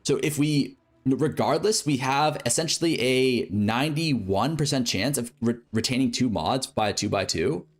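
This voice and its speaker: A man's voice: mid-range voice, animated, moderate pace. Casual man explaining game crafting. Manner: casual, thinking aloud with fillers and self-corrections. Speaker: streamer.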